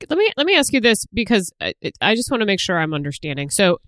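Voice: medium pitch, big pitch swings, fast talker, a bit bright, dry recording, studio quality. A podcast co-host who asks curious questions and teases the guest. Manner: curious, teasing. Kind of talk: casual interview chat.

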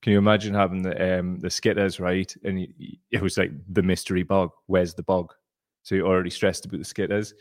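A man's voice: sits low, little pitch movement, fast, hardly any pauses, no echo, clean studio sound. A man hosting a casual live-stream chat from a cellar, rambling and jokey. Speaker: show host. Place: temporary cellar room.

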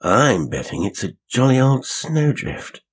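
A man's voice: lowish voice, sing-song, moderate pace, slightly rough, voice pushed up. A man reading a story aloud and voicing a talkative, cheerful young male passenger. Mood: jolly. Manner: talkative and eager.

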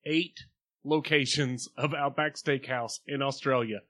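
A man's voice: mid-range voice, fairly even intonation, measured pace, pushed and bright. A man co-hosting a podcast in casual banter, argumentative and insistent. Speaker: podcast co-host.

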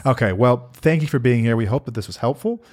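A man's voice: medium pitch, lively intonation, fast talker, a little mellow. A middle-aged man co-hosting a casual podcast, reading listener questions and answering them in an earnest, reflective way. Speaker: podcast co-host.

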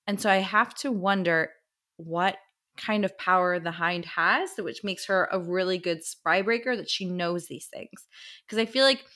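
A woman's voice: on the low side, normal speed, sharp tone. A young woman co-hosting a book podcast, musing aloud about theories in a casual, filler-heavy way. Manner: musing, thinks aloud with lots of "like". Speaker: podcast co-host.

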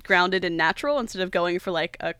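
Podcast co-host, casual film chat, enthusiastic, giggly, mid pitch, dry close sound. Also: a little fast, bright, forceful tone, clean tone, no room sound. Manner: enthusiastic, talks with fillers and giggles. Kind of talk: casual movie discussion chat.

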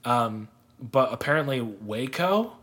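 A man's voice: mid-range voice, expressive, slow, fairly bright tone. A young man co-hosting a podcast, telling a sports story in casual chat, rambling and laughing often. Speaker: podcast co-host.

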